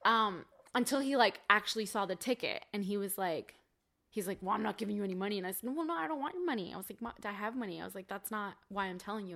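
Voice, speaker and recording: Woman in her 20s, interview guest; bright tone with gravelly fry, chatty storyteller. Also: medium pitch. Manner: chatty, many "like" fillers, quotes family in dialogue.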